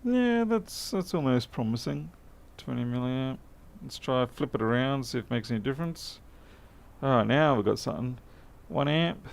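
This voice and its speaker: This is casual workbench talk from a man who repairs electronics, speaking to camera as he fixes a laptop. He mutters, jokes at his own expense, and keeps things chatty, using a medium-pitched voice with vocal fry at a moderate pace.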